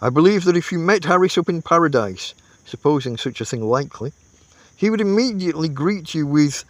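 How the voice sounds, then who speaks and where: A man reading a classic comic novel aloud as an audiobook, telling it in an unhurried, expressive way. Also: fairly high pitch, dry recording. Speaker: audiobook reader.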